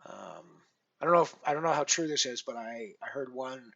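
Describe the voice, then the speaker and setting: A man's voice: medium pitch, lively intonation, a little fast, creaky, sharp tone, lo-fi sound. A man hosting a poker live stream in casual chat, rambling with many fillers and restarts and poking fun at himself. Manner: self-deprecating.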